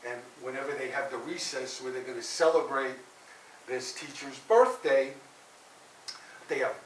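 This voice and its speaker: A male minister giving a sermon, telling stories in an animated way, rising loud for drama and dropping soft for quiet lines. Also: medium pitch, normal speed. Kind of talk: sermon storytelling. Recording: roomy echo, heard from a distance, faint hiss.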